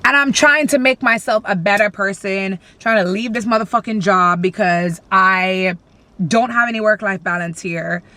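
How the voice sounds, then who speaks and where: A woman's voice: mid-range voice, moderate pace, pushed and bright, no room sound. A young woman vlogging from her car, venting bluntly and animatedly with plenty of swearing. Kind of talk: casual venting vlog.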